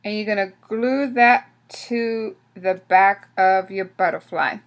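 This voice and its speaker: A woman with a mid-range voice hosts a craft tutorial at a slow pace, casually explaining each step as she works and often restarting her sentences.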